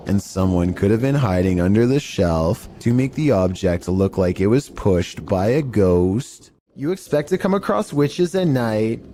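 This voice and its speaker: Mellow-voiced male compilation narrator. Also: fairly low pitch, a little hiss or hum. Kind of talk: scripted narration.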